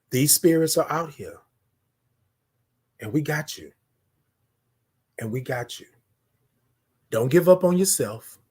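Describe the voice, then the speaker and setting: A man hosting a live-streamed morning show, talking in a preachy, affirming way, repeating his lines and swinging from loud to hushed. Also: a little high, breathy edge. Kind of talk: motivational live-stream talk.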